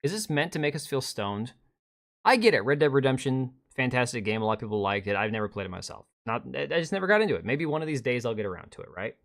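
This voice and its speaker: A man streaming a reaction to a video, talking sarcastically, swearing and mocking the speaker in whiny quotes. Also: mid-range voice. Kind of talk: live stream reaction commentary.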